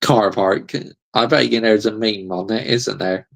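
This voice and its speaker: A man's voice: on the low side, fairly even intonation, measured pace, vocal fry. A man hosting a football channel, ranting heatedly in a live reaction stream, swearing and breaking into laughter as he reads chat.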